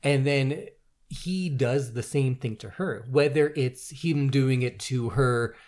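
Man co-hosting a casual film talk, mid pitch, lively and chatty. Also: slow. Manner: animated, thinks aloud with fillers.

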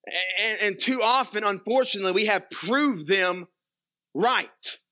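A young male pastor, preaching a sermon in an animated way, dropping to quiet asides and rising to loud emphatic peaks. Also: sits high, normal speed.

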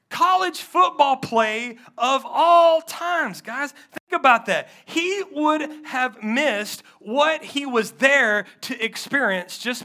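A man pastor preaching a sermon, calling out to the congregation and swinging from hushed near-whispers to loud urgent pleading. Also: very high voice, gravelly.

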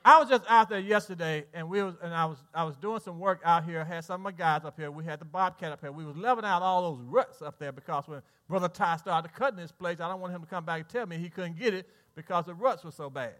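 A man preaches in a high, ringing voice. He tells his story like an animated storyteller and often chuckles at himself. The delivery is a pastor's sermon from the pulpit. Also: fast, few pauses. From Southern United States. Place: church sanctuary.

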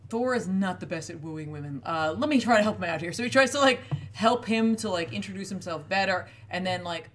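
A woman's voice: on the low side, animated, a little fast, a bit bright. A woman in casual chat, animatedly retelling a book's plot and acting out the characters' lines. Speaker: podcast co-host retelling a book.

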